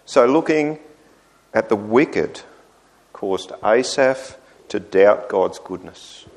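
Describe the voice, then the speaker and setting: A man preaching a sermon, voicing the psalmist's complaints with lively rises. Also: on the low side, takes it slowly.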